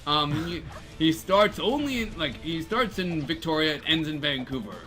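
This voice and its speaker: A man's voice: fairly high pitch, animated, moderate pace, bright, forceful tone. A man co-hosting a casual gameplay chat, telling a long, meandering story. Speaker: co-host.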